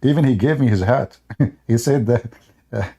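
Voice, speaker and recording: An aged man tells a story on his livestream, laughing often and acting out the other people's lines. His voice is husky, with a mellow, dark tone. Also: mid-range voice, normal speed. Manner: animated, laughs often, acts out quotes. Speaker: livestream host.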